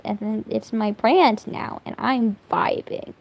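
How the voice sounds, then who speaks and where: Young woman streamer, casual chatty rambler with a little vocal fry, slow delivery. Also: on the high side, low-quality recording. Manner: rambling, animated, swears a lot, laughs often. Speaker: streamer drawing fan art. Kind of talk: casual chat while drawing.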